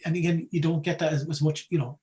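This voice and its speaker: A man with a Wexford Irish accent, talking casually as a guest speaker about folklore in an animated, chatty way, often asking "right?". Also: on the high side, quick pace, low-quality recording. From Ireland. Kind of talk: casual talk.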